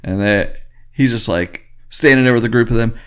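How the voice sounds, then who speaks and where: A man's voice: mid-range voice, moderate pace, clear, resonant tone. A man co-hosting a podcast, telling a rambling, enthusiastic story in casual chat. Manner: enthusiastic, rambling storyteller who acts out quotes. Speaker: podcast co-host.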